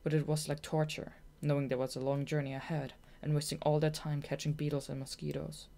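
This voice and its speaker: Low-voiced woman narrating an audiobook. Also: little pitch movement, a little fast, creaky, mellow.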